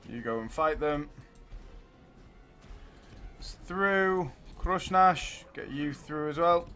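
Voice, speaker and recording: A man hosting a let's play, giving live commentary and cheering his units on excitedly. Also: on the high side, slow, faint music behind.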